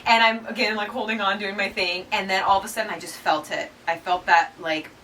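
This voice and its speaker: A woman in her thirties, a podcast co-host, telling her birth story in casual chat, acting out quotes with lively flair. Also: mid-range voice, fairly quick, distant mic, slight background noise, poor audio. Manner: chatty, animated retelling with acted-out quotes.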